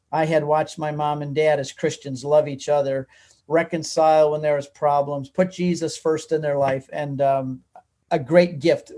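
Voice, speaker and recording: A man telling his life story as an interview guest, animated and talkative. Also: on the high side. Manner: animated and talkative, reciting from memory. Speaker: guest author. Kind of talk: personal storytelling in a conversation.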